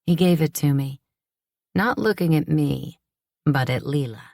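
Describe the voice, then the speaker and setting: A woman reads a first-person audiobook in a measured, reflective way. Her voice sits low for a woman, and the recording is dry and close with no room sound. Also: gravelly, darkish tone, no room sound. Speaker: audiobook narrator. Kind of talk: scripted first-person narration.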